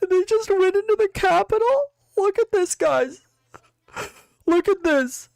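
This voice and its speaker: A man mocking a shrill terrified onlooker. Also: animated, measured pace, creaky, a little mellow, no room sound, exaggerated voice. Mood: mock terror. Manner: sarcastic, shrill mock fear. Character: mock-terrified pearl-clutching onlooker, shrill and whiny.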